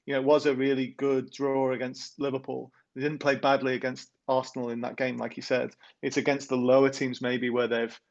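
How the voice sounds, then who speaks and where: A man's voice: medium pitch, monotone, brisk, gravelly, few pauses, muffled recording. A man co-hosting a football podcast, chatting casually with lots of tag questions, then reading out a comic rhyming poem. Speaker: podcast co-host and poet.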